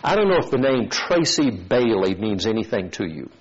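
A man preaching a sermon, telling a story and acting out its voices in an animated way. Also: on the low side, moderate pace, dull audio, a little hiss or hum.

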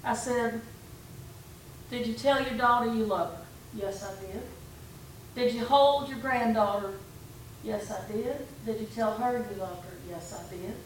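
A woman pastor preaches conversationally, telling stories about her talks with a congregant. Her voice is a little high and her pace measured. The recording comes from far off in an echoey room, with faint background noise.

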